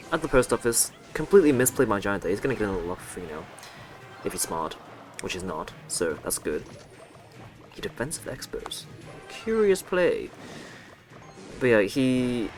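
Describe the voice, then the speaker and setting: A young man telling a story in a casual, rambling way, breaking off for sarcastic gaming asides. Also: on the low side. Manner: rambling and self-mocking, with sarcastic asides and swearing. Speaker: gaming vlogger. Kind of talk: casual storytelling over gameplay commentary.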